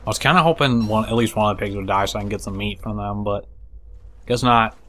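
A man giving casual let's play commentary, excitable and swearing, talking to the creatures in the game. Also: on the low side, quick pace, a little hiss or hum. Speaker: gameplay commentator.

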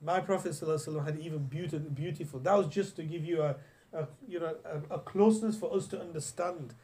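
A man's voice: a little high, fast talker, dark tone. Chatty male teacher giving a religious lesson. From England. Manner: storytelling, chatty, many restarts, quotes Arabic. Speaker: Islamic teacher. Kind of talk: classroom lesson on hadith.

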